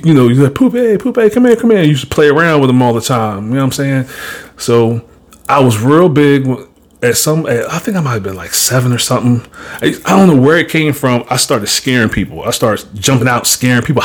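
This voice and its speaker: A man hosting a podcast, talking in a casual, blunt and profane way as he tells an animated story and gives his views. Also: mid-range voice, a little fast. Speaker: podcast host.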